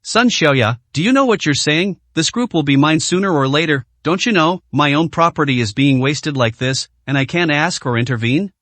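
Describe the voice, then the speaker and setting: A man voicing a stubborn, greedy older mother who scolds her daughter in an indignant, shrill tone. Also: animated, moderate pace, few pauses, fairly bright tone, no echo.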